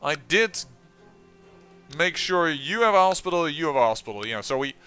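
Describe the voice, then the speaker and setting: A man with a bright, somewhat high voice talks through his game session. He thinks aloud and often trails off or restarts mid-sentence, with faint game music underneath. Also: big pitch swings, normal speed, clean tone. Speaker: let's-play host. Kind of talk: game commentary.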